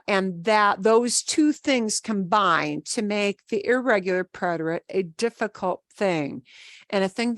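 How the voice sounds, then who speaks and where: A woman teaches a language class at an unhurried, measured pace. She explains patiently and casually, often repeating points and spelling words out letter by letter. Her voice sits at a middle pitch and is recorded close and dry, with no room sound. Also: no room sound. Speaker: Spanish teacher. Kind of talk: online class lecture.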